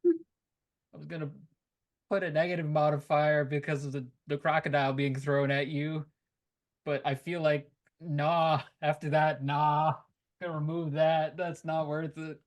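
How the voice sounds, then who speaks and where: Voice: medium pitch, little pitch movement, measured pace. A game master narrating a tabletop role-playing game in a chatty, teasing way with many fillers.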